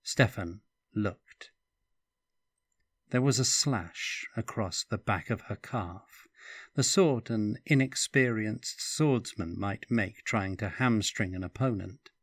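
A male storyteller reads a fantasy novel in a deliberate, unhurried pace. His voice sits low and is recorded dry and close. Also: breathy edge, dry recording. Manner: slow, even reading. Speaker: audiobook narrator. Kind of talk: scripted narration.

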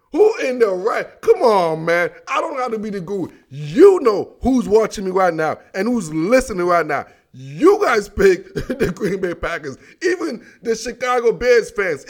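A man's voice: sits high, a bit bright. A man from Africa hosting a sports talk show, riffing casually in slangy, rambling talk that is full of "dog" and "man" and broken up by frequent chuckles. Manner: laughs often mid-sentence. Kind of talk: casual sports commentary monologue.

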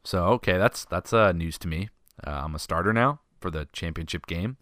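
A man hosting a podcast, telling a story in a casual, animated, self-deprecating way. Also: low voice, moderate pace, no room sound, studio quality. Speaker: podcast host.

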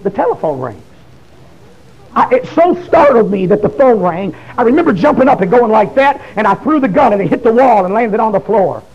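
A man, giving a fiery testimony sermon that swings into shouted, pleading bursts. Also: sits high, expressive, a little fast, breathy edge, lo-fi sound.

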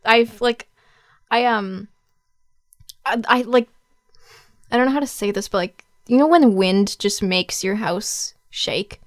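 A woman in casual chat, reacting and musing with halting starts and fillers. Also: mid-range voice, no room sound, clean studio sound.

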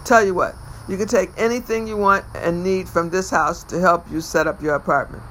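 A man voicing a strict, gruff middle-aged father who speaks bluntly and curses as he lays down the law. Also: high voice, fairly even intonation, moderate pace, sharp tone, slight background noise. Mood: dry. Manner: blunt, cursing, commanding.

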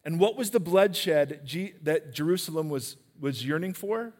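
A man preaching a sermon in a church, animated and questioning his listeners directly. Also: a little high, measured pace, in a large hall.

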